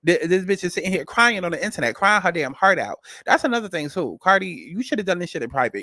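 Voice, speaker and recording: A man's voice: high-pitched, very animated, fast, few pauses, sharp tone, no echo, clean studio sound. A man hosting a celebrity gossip and astrology commentary, talking bluntly and emphatically and repeating his points. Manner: blunt, emphatic, repetitive, cussing. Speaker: commentary host.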